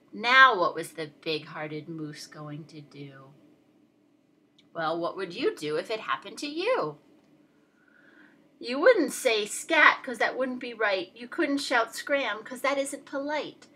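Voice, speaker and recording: A woman reading a rhyming picture book aloud to children, playful and expressive. Her voice is bright, somewhat husky and lively in pitch. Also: rough recording.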